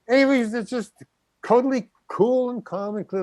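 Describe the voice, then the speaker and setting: Sitting high in pitch with a darkish tone, an older man's voice moves at a moderate pace in a dry recording. He is an actor guesting on an interview, telling an anecdote and voicing the quoted lines himself.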